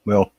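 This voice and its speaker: A man's voice: fairly bright tone, no echo. A man hosting a live call-in chat show, telling folksy stories in a casual way and laughing as he goes. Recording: dull lo-fi sound.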